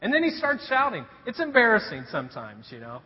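Male pastor, storytelling sermon, husky tone, muffled hall recording. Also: high voice, fairly quick. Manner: animated storytelling with rhetorical questions. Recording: dull recording in a reverberant hall.

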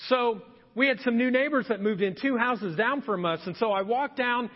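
A man preaches from a church sanctuary, his voice sitting high. He tells stories with animation and slips into other people's voices to act out scenes. The sound is dull and lo-fi, with a long hall echo trailing each phrase. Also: normal speed. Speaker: pastor. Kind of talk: humorous storytelling sermon.

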